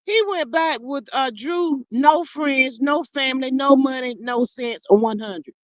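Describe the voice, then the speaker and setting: A woman's voice: high voice, a little slow, no room sound, muffled recording. A woman hosting a casual live stream, reading viewer comments aloud and reacting with sass. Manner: animated, sassy, calls viewers child and honey. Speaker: livestream host reading chat.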